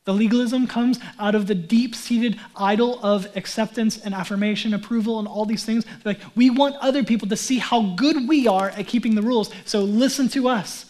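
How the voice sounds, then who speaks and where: A male pastor giving a sermon in a conversational, animated way, with casual asides. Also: sits high, normal speed, few pauses.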